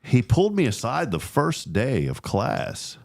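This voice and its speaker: A man's voice: medium pitch, a little slow, gravelly. A man telling a personal story in casual chat, acting out the voices he quotes with plenty of restarts. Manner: animated, acts out quoted voices, many restarts.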